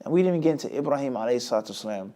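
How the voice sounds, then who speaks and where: A man's voice: medium pitch, very fast. A man teaching with rhetorical questions. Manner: asks rhetorical questions and answers them himself; lively, with many sudden rises and drops in loudness. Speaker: Islamic teacher. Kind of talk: lecture class.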